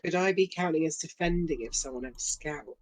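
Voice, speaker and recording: A man's voice: a little high, a little fast, rough recording. A man playing a tabletop role-playing game, talking through his character's actions hesitantly, with many fillers. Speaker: player. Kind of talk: casual tabletop game talk.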